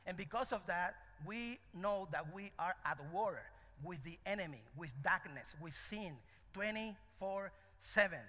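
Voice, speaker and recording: A man preaching a sermon, asking the congregation questions and telling a parable. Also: sits high. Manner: animated, call-and-response questions. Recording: echoey hall.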